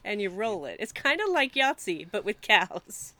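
A woman's voice: mid-range voice, big pitch swings, normal speed, bright, forceful tone. A woman co-hosting a podcast, chatting casually, giggly and gushing, laughing often. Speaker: podcast co-host. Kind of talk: casual chat.

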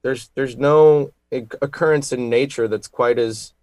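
A man co-hosting a radio show, presenting history facts with halting speech, fillers and deadpan puns. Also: mid-range voice, no echo. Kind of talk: casual radio banter. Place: radio studio.

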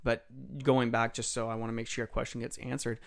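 A man's voice: mid-range voice, completely flat delivery, a little fast. A young man, an emergency tech, explaining hospital routines in a rambling, self-correcting podcast chat. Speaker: EMS trauma tech, podcast guest. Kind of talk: casual podcast conversation.

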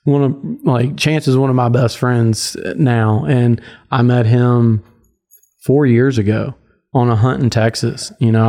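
A man's voice: medium pitch, mellow. A man hosting a podcast, telling hunting stories in a rambling, laughing way, full of "like" and "right?". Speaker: podcast host. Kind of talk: casual storytelling chat.

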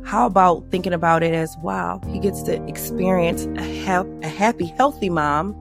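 A woman guest on a podcast, telling her story in candid conversation and acting out quoted lines in a higher voice. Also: moderate pace, creaky, music in the background. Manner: animated, acts out quoted dialogue in a higher voice.

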